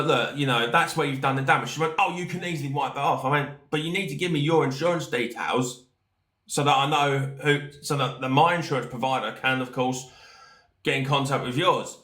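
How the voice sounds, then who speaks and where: A man's voice: fairly high pitch, moderate pace, a bit bright. A man hosting a podcast, telling a story casually with many fillers and restarts. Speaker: podcast host. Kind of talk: casual storytelling while reading chat. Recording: echoey room.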